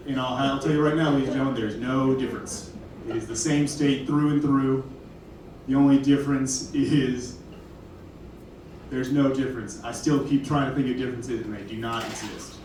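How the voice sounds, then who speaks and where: A man's voice: mid-range voice, fairly quick, a little mellow, a little hiss or hum. A young man from Kentucky doing a stand-up comedy set, rambling and self-deprecating with apologetic asides. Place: comedy club stage. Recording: very echoey room from far off.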